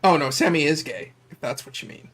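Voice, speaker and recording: Lively, laugh-prone man chatting. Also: a little high, fairly quick. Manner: laughs often, animated and teasing. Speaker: streamer. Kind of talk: casual chat on a livestream.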